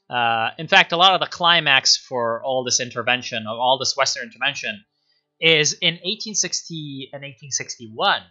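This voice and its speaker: A man talks history on a live stream, rambling and sardonic, with a lot of filler words. His voice is sharp and very bright. The audio is dull and lo-fi, with faint music underneath. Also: on the high side.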